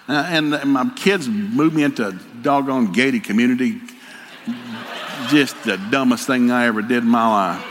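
A man's voice: mid-range voice, pushed and bright, a little hiss or hum. An older man giving a folksy, joking sermon as a preacher, telling stories with country humor. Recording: hall reverb, faint ambience.

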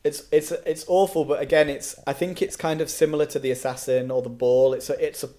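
A man's voice: on the high side, fairly even intonation, a little fast, dark tone. A man co-hosting a casual film review chat, opinionated and keen on history, often repeating words as he restarts. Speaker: podcast co-host reviewing a film.

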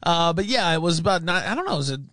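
A man's voice: on the high side, big pitch swings, fast, bright, forceful tone. A man hosting a casual interview, asking loose, chatty questions and laughing often. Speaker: host.

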